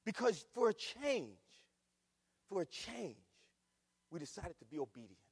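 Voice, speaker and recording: High, husky middle-aged preacher in a hall. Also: male voice, big pitch swings, a little slow. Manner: emphatic, swings between shouting and hushed tones. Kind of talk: sermon. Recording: long reverb of a large hall.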